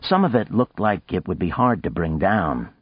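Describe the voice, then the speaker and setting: A man narrating an audiobook in a measured, expressive way, in a dry, dull lo-fi recording. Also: deep voice, breathy edge, dry recording.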